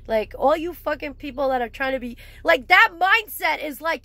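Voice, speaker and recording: A woman's voice: sits high, lively intonation, moderate pace, gravelly, hardly any pauses, bright, forceful tone, no echo. A young woman in a profane, blunt and mocking vlog rant about recovery. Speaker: vlogger, recovery specialist. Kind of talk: ranting vlog monologue.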